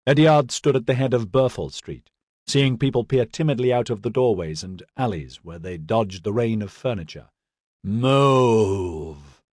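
A man reading fantasy fiction as a steady, measured audiobook narrator. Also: mid-range voice, no room sound, studio quality. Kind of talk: scripted narration.

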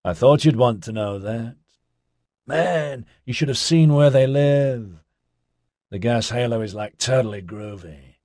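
A man voicing a laid-back, chatty young man who talks in hippie slang with an excitable drawl. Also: fairly low pitch, moderate pace, hardly any pauses, no room sound, studio quality, close to an everyday voice. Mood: rambling.

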